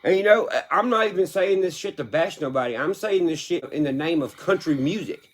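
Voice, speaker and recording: A man's voice: on the high side, expressive, fairly quick. A young man, a country music artist, ranting bluntly with heavy swearing. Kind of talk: profane opinion rant.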